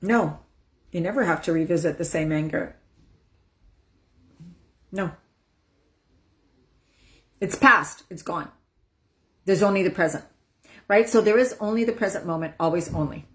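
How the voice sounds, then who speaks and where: Woman, live-stream empowerment coach; lowish, soothing voice, breathy whoosh releases. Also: unhurried, pauses often. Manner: soothing, demonstrates breathing out with loud whooshing sighs. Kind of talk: casual live-stream teaching.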